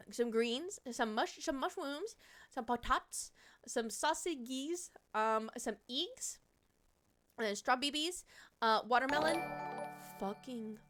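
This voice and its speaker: A young woman streamer with a Midwestern American accent, chatting casually with viewers, animated, swearing and laughing often. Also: a little high.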